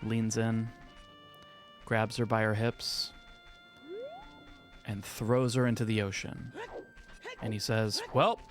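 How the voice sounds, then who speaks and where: A young man streaming a speedrun, telling a crude joke in a casual, drawn-out way with lots of swearing. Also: lowish voice, level tone. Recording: faint music behind.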